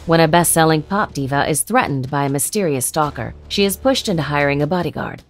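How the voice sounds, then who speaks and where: A woman reading a scripted narration for a ranked list of films, with an even, measured delivery. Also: low-pitched. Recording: soft music behind.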